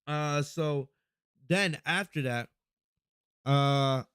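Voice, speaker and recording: A man hosting a casual review podcast in a fairly high voice, recorded close and dry. He talks in an excitable, rambling way, swearing freely and restarting his sentences. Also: very slow, clean tone, no echo. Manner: excitable, profane, rambling recap with frequent restarts. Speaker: podcast host.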